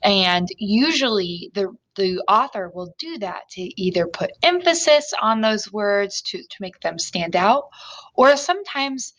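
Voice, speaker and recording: A woman's voice: mid-range voice, fairly bright tone, low-quality recording. A woman teacher explaining a reading lesson to students online, reading text aloud and talking it through with restarts.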